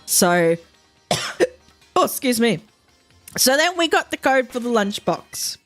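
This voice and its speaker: A woman's voice: a little high, sing-song, takes it slowly, fairly bright tone, faint music behind. Chatty young woman. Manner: rambling, many fillers and quoted asides. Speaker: streamer. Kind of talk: casual storytelling while streaming.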